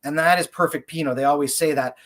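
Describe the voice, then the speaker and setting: Winemaker guy chatting casual, kinda high voice, rambly and excited, lots of "like". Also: fast. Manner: enthusiastic, rambling, heavy use of "like". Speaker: winemaker guest. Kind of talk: casual interview chat.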